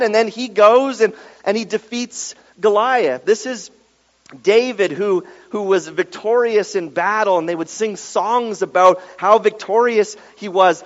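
A man preaching a sermon, telling a story with lively acted-out quotes and dropping to a hushed tone when reading scripture. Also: sits high, moderate pace. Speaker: pastor. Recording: dull sound with long reverb in a large room.

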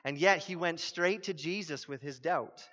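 A man preaching with a high, bright, forceful voice, earnest and pressing his point with questions. His words ring out with a long hall reverb. The sound is a little dull and muffled. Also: normal speed. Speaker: pastor. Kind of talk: sermon.

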